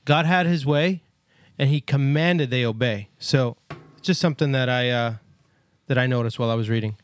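A man's voice: medium pitch, normal speed, dry recording. A man co-hosting a casual Bible discussion podcast, talking earnestly and emphatically, often checking in with "right?". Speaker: podcast co-host.

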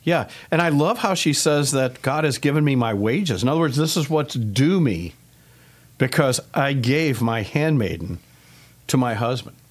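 A man's voice: mid-range voice, lively intonation, moderate pace. A man hosting a casual Bible study podcast, chatty and teasing his co-hosts.

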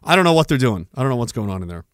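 Profane, animated podcast ranter. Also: male voice, medium pitch, rapid-fire, dry recording. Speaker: podcast host. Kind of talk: ranting political commentary.

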